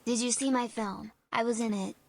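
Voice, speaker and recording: A streamer putting on a hushed, boastful movie-star voice during gameplay stream banter. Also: mid-range voice, steady tone, moderate pace, creaky, pitched above the performer's own voice. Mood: smug. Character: mock movie-star actor boasting of stunts.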